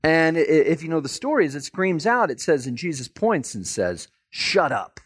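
A man preaching a sermon, telling the story in an animated way and acting out the people in it. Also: fairly high pitch, moderate pace, no room sound, studio quality. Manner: animated storytelling, acts out voices. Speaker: pastor.

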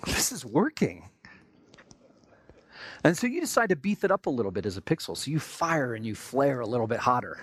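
A man's voice: mid-range voice, very animated, quick pace, few pauses. An American man preaching a sermon in a conversational way, acting out everyday people's remarks in quotes. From United States. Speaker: pastor.

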